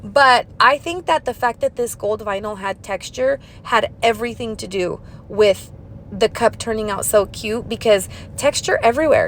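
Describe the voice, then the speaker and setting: Bubbly fast-talking young woman crafter. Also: on the high side, fairly bright tone, slight background noise. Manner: fast, bubbly, silly sing-song asides. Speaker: craft tutorial host. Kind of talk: chatty voiceover tutorial.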